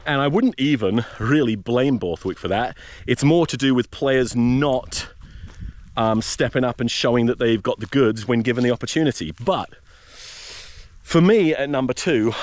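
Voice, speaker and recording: A man's voice: mid-range voice, moderate pace. A man hosting a rugby podcast, ranting in a profane, rambling, jokey way while hiking outdoors in a desert wilderness. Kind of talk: casual rant while hiking.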